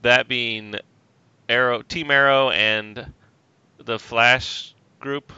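A man co-hosting a casual chat, ranting and swearing with animated laughs, on a dry, slightly dull recording. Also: mid-range voice, drawn-out words, clean tone, no echo.

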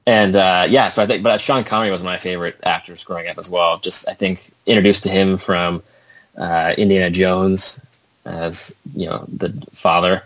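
A man's voice: low-pitched, flat delivery, normal speed, a bit bright. A young adult man chatting casually, rambling and self-mocking. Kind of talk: casual chat.

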